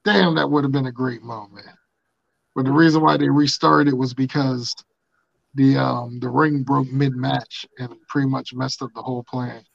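A man's voice: mid-range voice, steady tone, moderate pace, creaky, no echo. A man hosting a podcast in casual, rambling banter, laid-back and swearing freely, on dull lo-fi audio. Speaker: podcast host.

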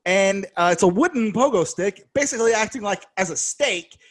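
A man co-hosting a podcast, recapping a horror film in casual chat, animated and sarcastic, laughing as he talks. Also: high voice, normal speed. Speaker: podcast co-host.

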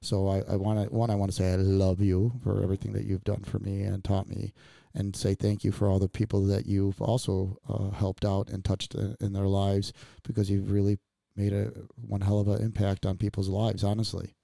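A man's voice: fairly low pitch, monotone, normal speed, gravelly, dark tone, dry recording. A man hosting a podcast, telling family stories in a rambling, laughing way with many fillers. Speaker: podcast host. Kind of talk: casual heartfelt chat.

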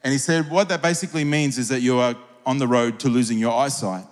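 A middle-aged pastor with a medium-pitched voice talks fast as he preaches a sermon in a large church hall. His earnest, personal storytelling gradually builds into fervent prayer, and the recording carries a long hall reverb.

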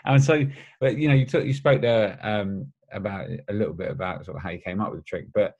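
A man hosting a casual interview, relaxed and asking easy questions. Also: fairly low pitch, a little fast, dull audio. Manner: relaxed, short affirmations. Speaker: podcast host interviewer.

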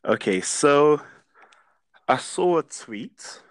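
Slow, dry-voiced man guest. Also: fairly high pitch, lively intonation, no room sound. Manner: evasive, dry, laconic. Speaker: podcast guest. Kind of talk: casual podcast chat.

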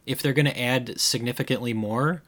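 A man with a Midwestern American accent, co-hosting a casual gaming podcast in a middle register. He teases his partner and asks quick, pointed questions. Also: mid-range voice, a bit bright. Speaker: podcast co-host.

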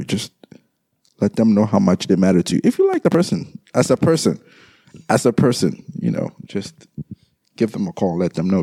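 A young man talks to his listeners in a slow, halting way, stumbling over and repeating words. His voice sits very low and mellow. The sound is dry, with no room around it. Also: dry recording. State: grieving, subdued. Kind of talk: grieving personal monologue.

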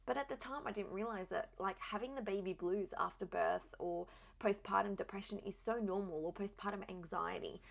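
Young mum chatting candidly, vocal fry all through, says like a lot. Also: female voice, medium pitch, normal speed. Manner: chatty, candid, many "like" fillers. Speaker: new mother sharing her story. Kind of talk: casual personal storytelling.

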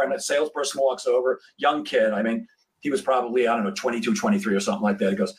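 A man's voice: mid-range voice, far from the mic, poor audio. A man hosting a podcast interview, telling a story casually and acting out the dialogue. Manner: animated, acts out quoted dialogue. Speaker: podcast host. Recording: voice set back from the mic.

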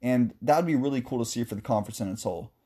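A man hosting a casual sports talk show, answering a listener's question in a chatty, joking way with animated asides. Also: mid-range voice, very fast, breathy edge. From West Coast of the US.

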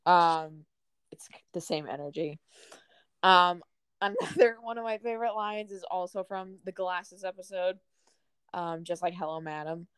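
A woman's voice: on the low side, unhurried, smooth, dry recording. A young woman in casual chat, talking fondly about favorite lines with frequent "um"s. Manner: relaxed, fond, many "um"s.

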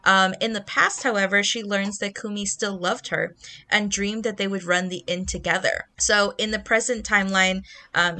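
A young woman co-hosts a book podcast and tells her reactions in a chatty, animated way. Her voice is bright and forward, and she uses plenty of casual fillers. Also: mid-range voice.

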